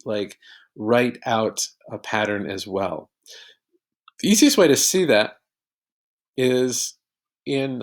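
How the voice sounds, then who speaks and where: Male teacher, gravelly mid-pitched voice, patient step-by-step explainer for a recorded lesson.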